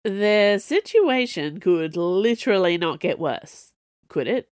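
A woman's voice: medium pitch, expressive, takes it slowly, darkish tone, dry recording, studio quality. A woman voicing a wry retired male assassin in an audiobook, muttering. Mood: grumbling.

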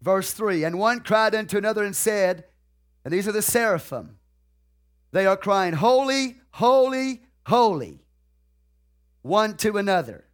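Man preaching, high-pitched voice, emphatic, repeats phrases, questions the congregation. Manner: drawn-out, deliberate delivery of emphasized phrases. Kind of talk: sermon.

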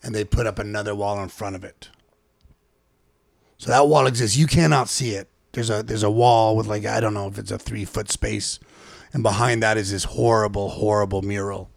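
A man with a low, gravelly voice co-hosting a casual podcast chat. He cuts in with examples to make his points. The sound is dry, with no room echo. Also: steady tone, normal speed. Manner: interjecting with examples. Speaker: podcast co-host. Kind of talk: casual discussion.

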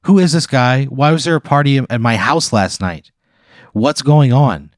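Angry suspicious wife in a tabletop game, put on by a man, shrill, demanding, dry close sound. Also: expressive, fast, no room sound, lightly acted. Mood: furious. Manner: shrill interrogating outbursts. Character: furious suspicious wife, woman, middle-aged.

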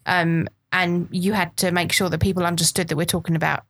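A woman's voice: on the low side, level tone, fairly quick, fairly bright tone. A woman co-hosting a podcast, chiming in with thoughtful explanations in casual chat. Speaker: podcast co-host.

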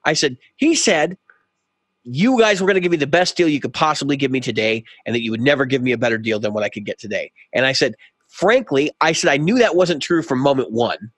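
A man's voice: medium pitch, expressive, a little fast, a bit bright, no room sound. A man co-hosting a podcast who tells a long story in casual chat and acts out both sides of a heated exchange. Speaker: podcast co-host.

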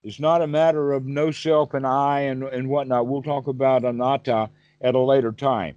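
A man's voice: medium pitch, level tone, moderate pace, a little mellow, no echo, muffled recording. A man teaching meditation over a call, asking his listener questions and giving vivid everyday examples. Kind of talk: Dhamma talk on a call.

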